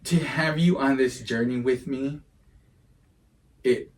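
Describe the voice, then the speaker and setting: A man's voice: medium pitch, slow, recorded from a distance, poor audio. A middle-aged man hosting a podcast, speaking in a heartfelt, earnest way. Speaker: podcast host. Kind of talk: casual chat.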